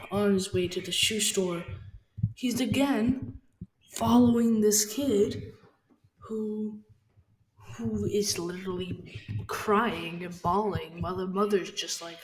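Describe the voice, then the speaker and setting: Slow, rambling woman telling a story. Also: mid-range voice, a little mellow. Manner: rambling, halting, with many fillers and restarts. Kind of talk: casual storytelling. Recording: faint background noise.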